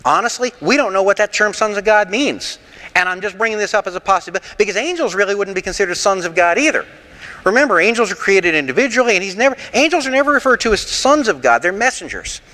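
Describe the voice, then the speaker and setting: A man leading an interactive sermon class, animated and rhetorical with a sarcastic streak, taking questions from the room in a church. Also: sits high, fast, big-room sound. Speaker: pastor teaching a Bible class.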